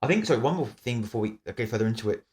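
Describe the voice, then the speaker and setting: A man's voice: medium pitch, animated, very fast, darkish tone. A man co-hosting a podcast, chatting casually about a book and rambling through restarts. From Australia. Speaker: podcast co-host.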